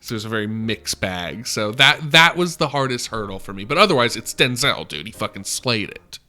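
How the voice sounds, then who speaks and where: Animated, bright-voiced man co-hosting a podcast. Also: medium pitch, fairly quick, soft background music. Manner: emphatic, swears, laughs often. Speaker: podcast co-host. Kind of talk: casual film discussion.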